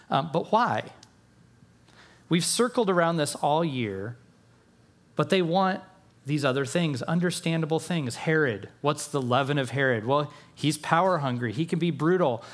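Male pastor, pitched a bit high, earnest sermon delivery with hushed emphasis and lifted questions. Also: animated, measured pace. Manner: earnest, shifts between quiet emphasis and raised rhetorical questions.

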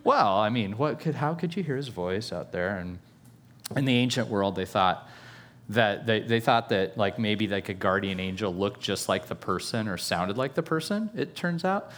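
A man's voice: lowish voice, animated, normal speed, fairly bright tone. A man preaching a sermon in a playful, conversational way, with self-aware jokes and asides to the listeners. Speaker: pastor.

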